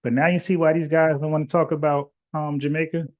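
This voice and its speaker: A man hosting a call-in podcast chats casually with callers on a live stream, arguing his points bluntly amid lots of "like" and restarts. His slightly high voice is flat and fairly quick, and the audio is muffled lo-fi.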